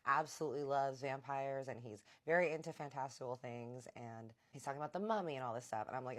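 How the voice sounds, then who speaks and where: A woman's voice: extremely low pitch, quick pace, hardly any pauses. A woman telling a story in a casual vlog, chatty and full of slang, acting out what everyone said. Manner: chatty, lots of quoting and slang. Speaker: vlogger.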